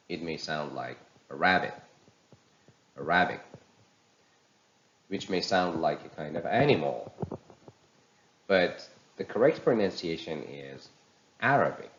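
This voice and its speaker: Slow, lively-voiced deep male teacher. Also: dull audio, slight background noise. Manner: slow, deliberate, spells words letter by letter. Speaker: pronunciation teacher. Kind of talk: recorded lesson.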